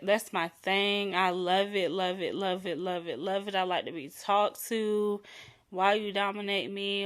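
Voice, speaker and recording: On her solo podcast, a young adult host speaks candidly and with a playful edge in a mid-range voice. Intimate words come out drawn out and softened.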